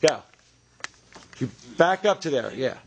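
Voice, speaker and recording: A man's voice: mid-range voice, expressive, creaky, crowd noise. Young man directing actors on set. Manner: brisk, encouraging instructions. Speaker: film director.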